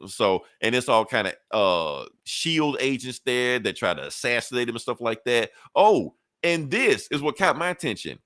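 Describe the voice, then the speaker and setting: A man's voice: medium pitch, sing-song, normal speed, few pauses, a bit bright, no room sound, clean studio sound. A man on a podcast casually retelling a comic book story, acting out the characters' lines with profane, laid-back slang. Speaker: podcast co-host.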